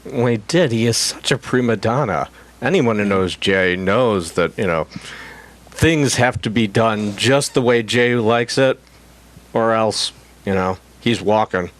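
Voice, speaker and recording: A middle-aged man talks casually as a guest on a talk show. He delivers his stories with a dry, deadpan, self-mocking wit. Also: fairly low pitch, a little slow. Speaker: guest actor. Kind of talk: casual chat.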